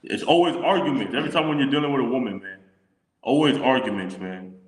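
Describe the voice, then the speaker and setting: A man leading a casual religious discussion, reading scripture slowly and deliberately. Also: mid-range voice. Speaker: scripture teacher. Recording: echoey room with long reverb.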